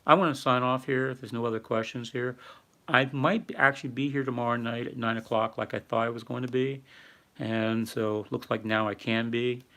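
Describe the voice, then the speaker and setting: A man's voice: mid-range voice, fairly even intonation, brisk, a bit bright. An older man hosting a casual livestream, rambling and reading viewer chat aloud with lots of fillers. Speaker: livestream host. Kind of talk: casual live-stream talk.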